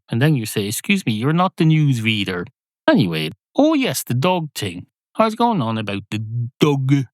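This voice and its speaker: A man's voice: medium pitch, dry recording. Sardonic rambling man, dry close sound. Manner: digressive, sardonic, self-correcting. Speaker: podcast host. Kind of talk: rambling comic monologue.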